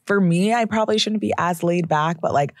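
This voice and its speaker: A woman's voice: on the low side, a little fast, no room sound, clean studio sound. A woman co-hosting a casual chat, rambling and self-deprecating, filling her talk with constant "like". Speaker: co-host, job seeker expert.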